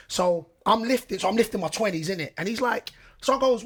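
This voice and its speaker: Male podcast guest, animated storyteller, slightly husky, on the higher side. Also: racing. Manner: animated storyteller, acts out quotes, laughs easily. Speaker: guest footballer.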